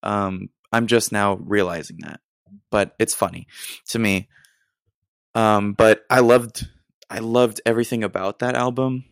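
A man's voice: lowish voice, steady tone, measured pace, creaky, smooth, dry recording, clean studio sound. A young American man hosting a casual solo podcast, rambling in a self-deprecating way with lots of ums and restarts. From United States. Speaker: podcast host.

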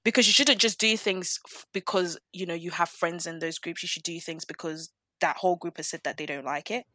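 A woman's voice: fairly low pitch, steady tone, fairly quick, sharp tone, no echo. A woman chatting casually about a TV show, stressing her opinions by repeating words. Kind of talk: casual chat reviewing a TV show.

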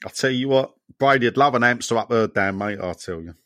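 A man's voice: mid-range voice, brisk, no echo, clean studio sound. A man hosting a podcast, reading listener messages aloud and trading jokes with his co-hosts. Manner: jokey banter with co-hosts, animated. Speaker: podcast host.

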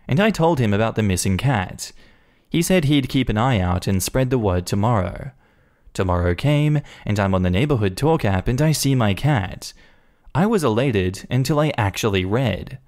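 A man reading a first-person Reddit story aloud in an animated, indignant storytelling manner. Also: fairly low pitch, moderate pace. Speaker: story narrator.

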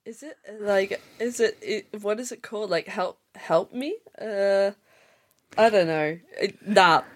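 A woman playing along in a casual quiz, talking in a hesitant, halting way and laughing at her own mistakes. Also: medium pitch. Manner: hesitant, halting, self-deprecating. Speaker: quiz contestant. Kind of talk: casual chat.

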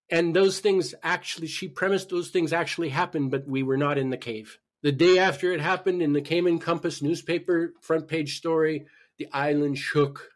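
Animated man telling a story, higher voice. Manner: animated storyteller, frequent restarts. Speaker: podcast guest, spiritual healer. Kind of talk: personal story told in conversation.

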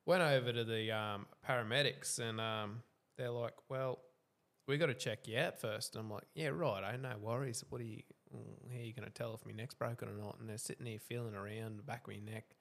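A man's voice: on the low side, steady tone, a little fast, creaky, fairly bright tone. A young Australian man telling a story on a casual podcast, laid-back, swearing freely and laughing as he goes. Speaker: podcast co-host.

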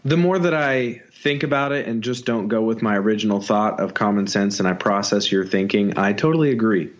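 A man's voice: fairly low pitch, a little fast, muffled recording. A man co-hosting a podcast in casual chat, earnest and self-deprecating with a joking streak. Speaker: podcast co-host.

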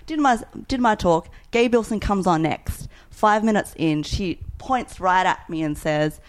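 Chatty woman telling a story. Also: mid-range voice. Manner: chatty, rambling, quick to laugh, lots of "like". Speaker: food writer and podcaster guest. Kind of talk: casual podcast storytelling.

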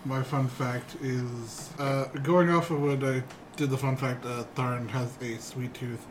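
A man's voice: medium pitch, fairly even intonation, unhurried, slight background noise. A man playing in a tabletop game, talking hesitantly with many fillers. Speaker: tabletop player. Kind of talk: casual chat.

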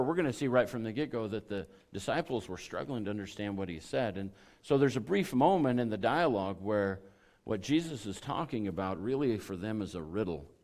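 A middle-aged male pastor with a worn, raspy voice, hoarse from overuse. He preaches in a low register, in an easygoing, chatty way with plenty of fillers. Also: a little mellow. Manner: folksy, conversational preaching with many fillers. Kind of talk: sermon.

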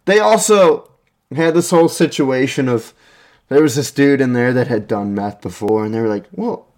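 A man's voice: medium pitch, moderate pace, a little mellow. A young man casually telling a rambling, profane personal story, with lots of restarts and chuckles. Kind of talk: casual anecdote monologue.

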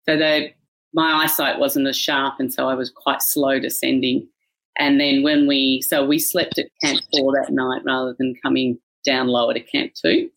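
A middle-aged woman with an Australian accent and a low voice, recounting events to an interviewer. She speaks in a measured way, with short restarts. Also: a bit bright, rough recording. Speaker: guest. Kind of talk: interview recollection.

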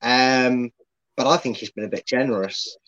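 A man's voice: mid-range voice, moderate pace, a bit bright, no echo, lo-fi sound. A man giving his views as a guest on a casual live stream, rambling and restarting often. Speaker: guest pundit.

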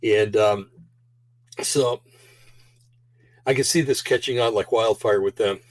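A man's voice: lowish voice, slow, dry recording, low-quality recording. A man hosting a show in a casual, rambling monologue, full of fillers and restarts, and slightly out of breath. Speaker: show host.

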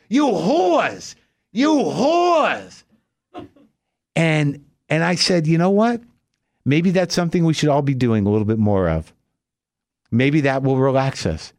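A man hosting a podcast, telling a profane, ranting comic story in an animated way. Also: mid-range voice, no echo, studio quality. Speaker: podcast host. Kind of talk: comic monologue.

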